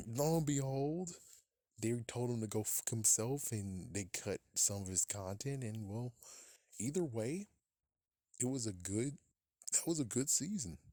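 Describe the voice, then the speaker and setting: A man with a fairly low voice rants through casual podcast commentary. He is profane and exasperated and laughs at his own jokes. The recording is dry and close, with no room echo. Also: mellow. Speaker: podcast host.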